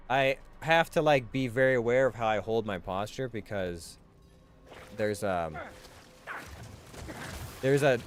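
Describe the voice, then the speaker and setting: A man's voice: lowish voice, background noise. A man streaming a hardcore game run, rambling casually with fillers and restarts as he thinks aloud. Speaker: gaming streamer. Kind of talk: casual gameplay commentary.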